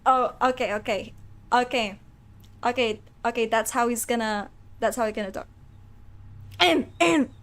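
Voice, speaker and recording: A woman's voice: fairly high pitch, moderate pace. Playful woman streamer reading game text. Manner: animated, playful, reads narration with asides to chat. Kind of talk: casual let's-play, reading game text aloud.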